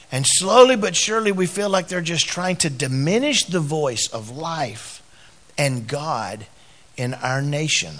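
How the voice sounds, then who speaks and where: Here a pastor in middle age gives a sermon built around his own story, told in hushed, broken phrases. His urging passages climb higher and louder.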